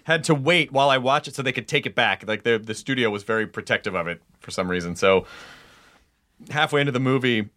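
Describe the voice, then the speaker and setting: A man on a casual podcast, telling a personal story in a rambling way, restarting his sentences as he goes. His voice is bright and forceful, and his pitch sits in the middle of the range. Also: fast. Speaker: podcast host. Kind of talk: casual chat.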